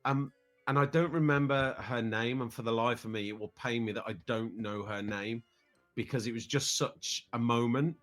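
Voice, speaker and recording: A man's voice: medium pitch, moderate pace, a bit bright, faint music behind. A British man in his thirties, a podcast guest telling a family trip story in a casual, rambling way, often repeating words as he starts sentences. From United Kingdom.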